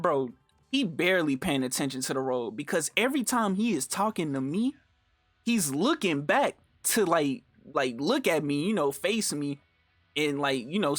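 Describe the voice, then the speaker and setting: A young man telling a story in casual, animated street slang, full of fillers and swearing. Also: on the high side, no echo. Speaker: storytime vlogger.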